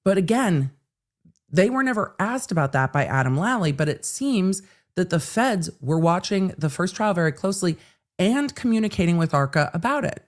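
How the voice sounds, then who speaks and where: A woman's voice: on the low side, sing-song, normal speed. Chatty woman hosting legal commentary. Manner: chatty, conversational, wry asides. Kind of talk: casual livestream commentary. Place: home.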